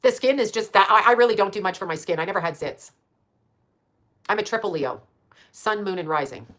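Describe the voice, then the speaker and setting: Rapid, unfiltered talk from a woman of about sixty, who hops from one thought to the next, curses without a second thought and breaks into laughs. Her pitch sits right in the middle for a woman. It is casual livestream chat, loose and off the cuff. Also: a bit bright. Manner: blunt, profane, rambling, laughs often.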